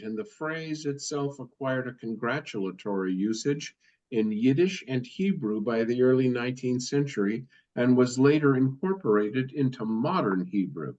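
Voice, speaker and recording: Man reading passages aloud, steady, the odd self-correction; muffled, lo-fi sound. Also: mid-range voice, normal speed. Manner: reads steadily, occasionally stumbles and corrects himself. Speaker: student reading a text aloud. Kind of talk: reading aloud in a study session. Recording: dull lo-fi audio.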